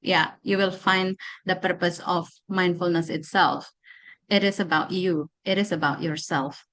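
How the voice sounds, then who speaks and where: Presenting at a teacher-training workshop, an Indonesian-accented woman guides participants through mindfulness, repeating slow instructions and pausing often. Her pitch is fairly low, her tone steady and a bit bright.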